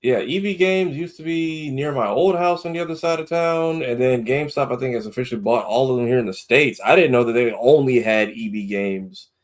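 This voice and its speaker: A man co-hosting a casual podcast, chatting in a relaxed, somewhat hesitant way. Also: mid-range voice, a little fast, few pauses. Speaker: podcast co-host. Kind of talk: casual chat.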